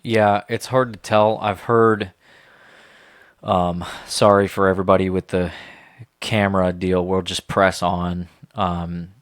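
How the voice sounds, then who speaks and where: Measured, reflective man, lowish voice. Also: little pitch movement. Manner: measured, reflective, hedging restarts. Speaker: podcast co-host. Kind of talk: casual chat.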